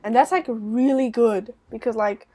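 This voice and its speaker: A woman's voice: a little high, fairly even intonation, normal speed, mellow. A young woman with a light British accent, co-hosting a podcast in loose, rambling casual chat and laughing easily. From Britain.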